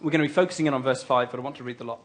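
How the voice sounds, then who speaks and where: A man's voice: medium pitch, very fast. A man preaching a sermon as pastor of his church, telling a story conversationally with light humour and frequent fillers.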